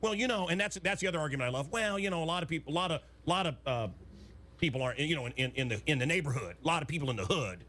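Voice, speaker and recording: A middle-aged man hosting talk radio, ranting in an excitable, rambling way with many restarts and blunt jokes. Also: a little high, very fast. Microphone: studio microphone.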